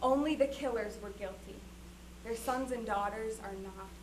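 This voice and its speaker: A woman's voice: fairly high pitch, normal speed, slight background noise, poor audio. A woman giving an impassioned, solemn recitation of a formal speech. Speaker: performer.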